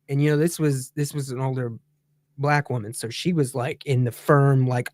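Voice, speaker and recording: Man, casual storytelling, animated, heated, mid pitch, dry sound. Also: moderate pace, no room sound. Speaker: guest on a talk show.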